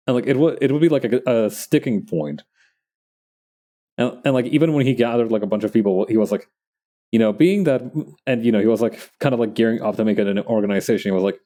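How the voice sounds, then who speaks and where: A man's voice: medium pitch, fast talker, warm tone. A young man chatting casually while drawing on a live stream, rambling with lots of restarts and fillers and laughing at himself.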